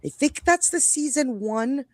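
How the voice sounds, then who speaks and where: Rambling and chatty, this New York-accented co-host of a casual live stream keeps breaking off mid-sentence. Her voice sits high and is expressive, a little slow and darkish in tone, on a dry recording.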